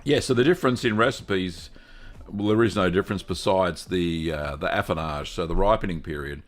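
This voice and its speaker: A man with an Australian accent hosting a live stream, greeting viewers one by one in a relaxed, chatty way. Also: low-pitched, moderate pace. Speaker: host of a cheese-making livestream. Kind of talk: casual live-stream chat.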